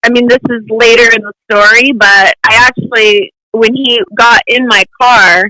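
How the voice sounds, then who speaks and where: A woman's voice: fairly high pitch, steady tone, normal speed, sharp tone, no room sound, low-quality recording. A young woman, a guest in an interview, telling a personal story in long runs and acting out the lines people said to her. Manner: talks in long runs, acts out quoted lines, gives short nervous laughs. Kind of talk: emotional personal account in an interview.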